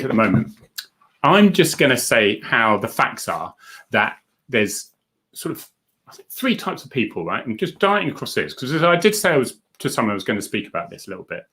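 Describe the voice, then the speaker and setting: A man's voice: medium pitch, bright, forceful tone. A middle-aged man, a former police officer, hosts a casual live stream, chatting and joking as he reads out viewer comments.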